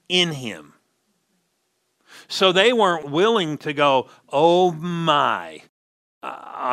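A man's voice: a little high, pushed and bright. A man preaching a sermon as pastor, stressing key words and checking in with the congregation.

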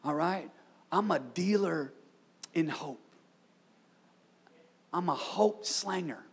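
A man, a pastor, preaching a sermon with energetic call-and-response and street slang. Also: on the high side, takes it slowly, vocal fry, in a large hall, a little hiss or hum.

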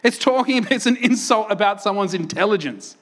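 A man preaching a sermon, telling stories and acting out quotes with lively energy. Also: high voice, brisk. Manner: animated storytelling, acts out quotes loudly. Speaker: pastor.

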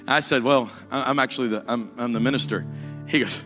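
A man's voice: mid-range voice, moderate pace, pauses often, pushed and bright, big-room sound, faint music behind. A man preaching a sermon, telling a joking story that builds into fervent preaching. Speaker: pastor.

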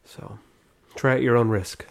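A man's voice: mid-range voice, fairly even intonation, measured pace, gravelly. A man co-hosting a casual podcast, joking and complaining with a wry edge. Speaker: podcast co-host. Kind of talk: casual chat.

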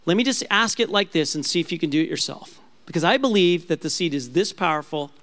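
A man's voice: on the high side, animated, quick pace. A man preaching a sermon as pastor, earnest and questioning, with frequent restarts and fillers. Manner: earnest, questioning, drops to a soft altar-call tone.

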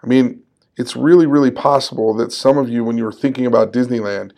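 A man in his forties with a middle-pitched, gravelly voice hosts a solo podcast. He talks in a conversational, upbeat way, encouraging his listeners and laughing at himself now and then. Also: fairly even intonation, a little fast, a little mellow. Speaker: podcast host.

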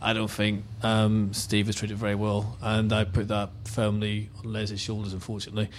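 A man speaking bluntly and quickly on a casual football podcast. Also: on the low side, monotone, a little hiss or hum. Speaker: podcast panelist.

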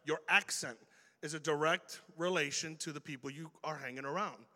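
A young man from Chicago with a Chicago accent, preaching a casual, animated sermon to a youth crowd and acting out quoted exchanges. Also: fairly high pitch, moderate pace. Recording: long hall reverb.

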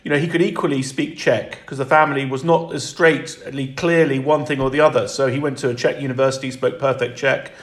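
A man speaking as an interview guest in reflective conversation, halting and restarting often. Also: mid-range voice, steady tone, roomy sound.

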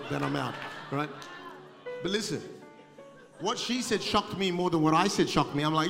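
Male pastor, gravelly voice, fairly high pitch, humorous storytelling, long hall reverb, music underneath. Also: normal speed. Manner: humorous, animated storytelling, laughing through anecdotes. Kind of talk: sermon with storytelling. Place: large church hall. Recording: live church recording with long reverb and music behind.

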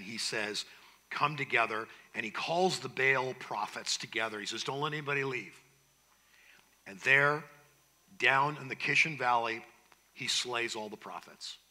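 A man preaching a sermon, retelling a story with shifts from loud to hushed. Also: mid-range voice. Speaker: pastor.

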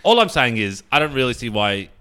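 Sardonic Australian man, smooth voice. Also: medium pitch, very animated, fairly quick, sharp tone. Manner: sardonic, mocks others with put-on voices. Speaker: podcast co-host. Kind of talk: casual ranty chat.

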